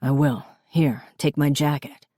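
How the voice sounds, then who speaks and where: A gentle, apologetic husband, as a woman narrator puts him on, speaking softly with a touch of quiet amusement. His tone sits low and dark. The recording is close and dry, with no room sound. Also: steady tone, a little slow, dry recording. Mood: tender.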